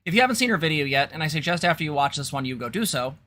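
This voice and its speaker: A woman's voice: low-pitched, lively intonation, very fast, a bit bright. A woman co-host talking casually in a chatty, conversational way. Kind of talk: casual commentary.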